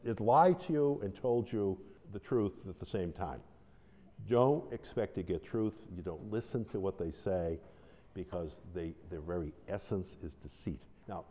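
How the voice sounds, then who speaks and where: A man's voice: fairly low pitch, dark tone. A man who is a deliverance minister, giving an informal, conversational teaching talk with restarts and stories. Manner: conversational, rambling, with restarts and acted-out quotes. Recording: long hall reverb.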